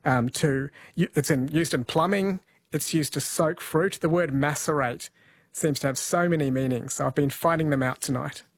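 A man's voice: on the high side, no echo. A man hosting a late-night radio quiz, chatting with callers. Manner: chatty, friendly, spells words out slowly. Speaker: radio host. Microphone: studio mic.

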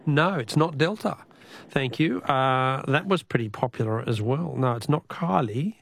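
A man's voice: medium pitch, expressive, a little slow, vocal fry, fairly bright tone. A middle-aged Australian man hosting a radio call-in quiz, jovial and chuckling as he repeats the question.

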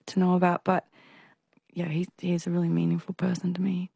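Low-voiced woman with a stutter. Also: completely flat delivery, creaky, mellow, slightly rough, no echo, studio quality. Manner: halting speech with repeated restarts and a stutter. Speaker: singer and performer, interview guest. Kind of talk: casual interview conversation.

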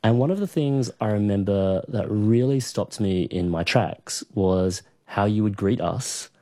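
An interviewer asking questions and reacting with lively interest. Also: sits low, a little slow, no echo, studio quality. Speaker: interviewer, host.

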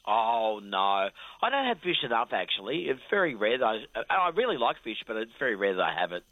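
A man's voice: medium pitch, brisk, dry recording, muffled recording. A man with an Australian accent reading a radio traffic report, then chatting casually with the host. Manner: steady rundown with hesitant fillers.

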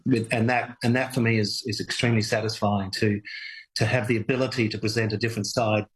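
A man being interviewed on radio about his kite work, talking in a halting, reflective way with many repeated words. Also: lowish voice, level tone, slightly rough, poor audio. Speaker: kite workshop owner, radio guest.

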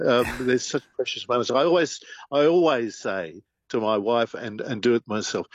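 A man's voice: medium pitch, normal speed, hardly any pauses, no echo, lo-fi sound. An older man, co-hosting a radio talk show with reflective, hesitant remarks. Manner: reflective, hesitant, lots of ums. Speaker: radio co-host.

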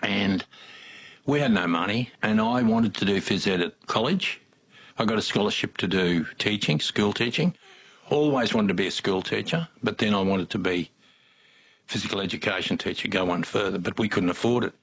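A man's voice: on the low side, normal speed, a bit bright, husky. An older man with an Australian accent, telling rambling, folksy stories as an interview guest. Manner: rambling, folksy, with many restarts. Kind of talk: casual storytelling.

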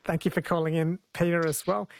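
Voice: medium pitch, flat delivery, brisk, creaky, no echo. A radio host in a dry studio, with a mid-range voice, thanking callers and asking questions in a friendly, conversational manner. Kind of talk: radio talk show hosting.

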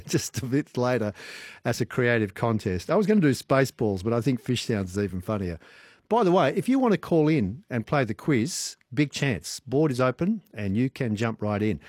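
A man's voice: mid-range voice, darkish tone, no echo, studio quality. A man with an Australian accent hosting an evening radio show, chatty and playful, laughing easily. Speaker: radio host. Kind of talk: casual radio chat. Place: radio studio.

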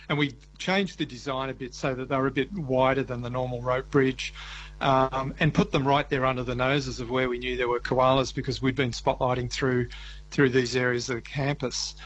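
A man, a wildlife ecologist, explaining his research in a radio interview, measured and hesitant with many restarts. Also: medium pitch, a bit bright, poor audio.

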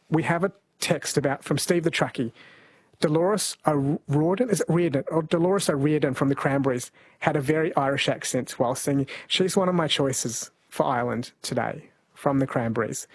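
A man's voice: fairly high pitch, slightly rough, no room sound. A man from New Zealand hosting a talkback radio show, chatting easily with callers and reading out listener texts. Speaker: radio host. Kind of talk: casual talkback radio chat.

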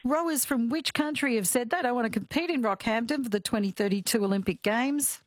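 A woman's voice: a little high, brisk, no room sound. Middle-aged Australian woman, radio host, chatty with fillers, dry close sound. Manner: chatty, laughs easily, frequent fillers. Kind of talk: casual radio chat and quiz.

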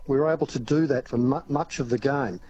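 A man's voice: medium pitch, a little fast, a little mellow, breathy edge, lo-fi sound. A man with an Australian accent calling in to talkback radio, jovial and confident about football. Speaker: caller. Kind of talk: talkback phone call.

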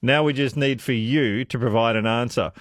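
A man's voice: medium pitch, moderate pace, no room sound. A man hosting talkback radio, chatty and musing aloud with strings of questions into a studio mic. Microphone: studio microphone.

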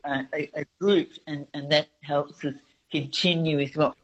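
A woman calling in to a radio show, speaking haltingly and gratefully. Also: low-pitched, fairly even intonation, breathy edge. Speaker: caller. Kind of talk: radio call-in. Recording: phone line.

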